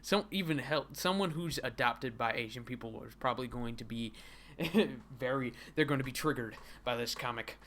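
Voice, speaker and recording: A man's voice: medium pitch, normal speed, fairly bright tone. A young man hosting a livestream and giving sarcastic, laughing commentary while reading a comic, with frequent stammered restarts. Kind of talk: casual comedic commentary.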